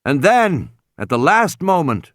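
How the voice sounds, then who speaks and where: A man reading a novel aloud as an audiobook narrator, dramatic and expressive. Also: on the high side, a little slow, no echo, clean studio sound. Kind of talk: scripted narration.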